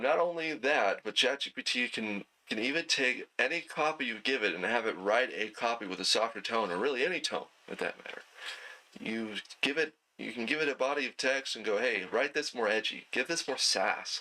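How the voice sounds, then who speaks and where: A man teaching an online night class in a relaxed, conversational way, with plenty of fillers and throat clearing. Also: mid-range voice, normal speed, low-quality recording. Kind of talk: casual lecture.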